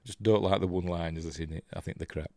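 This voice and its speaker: A man's voice: low voice, steady tone, racing, mellow, no room sound, clean studio sound. An older man from Yorkshire with a Yorkshire accent, hosting a rambling, chuckling casual live-stream chat and reading out viewer comments. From Yorkshire, England. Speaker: host.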